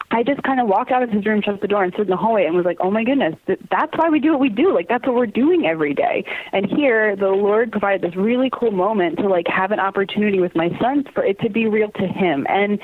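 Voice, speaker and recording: An earnest woman sharing personal stories as a podcast guest, breaking into laughter often. Her voice comes through a narrow, tinny phone-line sound. There is almost no room echo. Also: mid-range voice. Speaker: interview guest, theater company communications manager. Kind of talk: podcast interview, personal storytelling.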